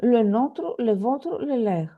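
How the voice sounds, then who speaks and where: A woman's voice: a little high, animated, takes it slowly, narrow, tinny audio. A woman teaching a French lesson over a video call, patient and repetitive, with many fillers. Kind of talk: online language lesson.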